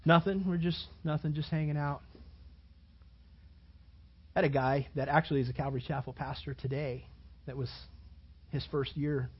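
A man preaching a sermon as a pastor, telling stories in an animated way, repeating phrases and acting out what people said. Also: a little high, normal speed, pauses often, husky, muffled recording. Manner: animated storytelling, repeats phrases and acts out quotes.

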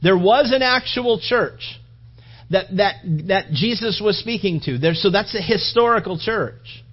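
Animated man preaching a sermon. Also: sits high, measured pace, highs cut off. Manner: animated, acts out quoted voices, drops to a hushed near-whisper. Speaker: pastor.

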